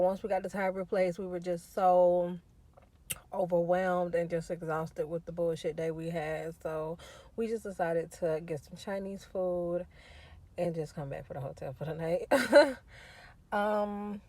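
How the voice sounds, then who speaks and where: In a casual vlog check-in, a woman with a fairly low, mellow voice vents her frustration and swears a lot. She films first at a tire shop and then at a hotel.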